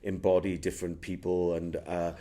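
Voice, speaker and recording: Welsh guy, middle-aged, lowish voice, rambly interview chat full of restarts. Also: level tone, normal speed, dark tone. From Wales. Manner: rambling, many restarts and fillers. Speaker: actor, interview guest. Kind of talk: casual interview talk.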